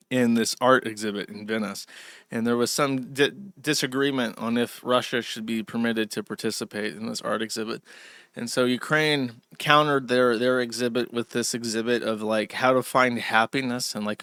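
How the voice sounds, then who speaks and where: A man in his thirties hosts his own show, rambling through a casual, profane monologue aimed at his chat. His voice is sharp and forceful, set at an ordinary middle pitch. The sound is dry and close, with little room around it. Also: no echo. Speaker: host.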